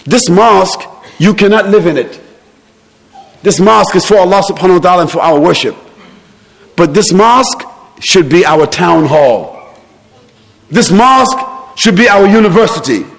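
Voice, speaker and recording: A man's voice: high voice, normal speed, gravelly, pauses often. Man, preacher, impassioned sermon, rhetorical questions, long reverberant hall. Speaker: Islamic preacher. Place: mosque.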